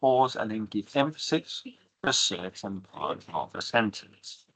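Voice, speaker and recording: A man's voice: on the low side, sing-song, unhurried, fairly bright tone, slightly rough, poor audio. A man teaching an online English grammar lesson, patiently explaining and asking rhetorical questions.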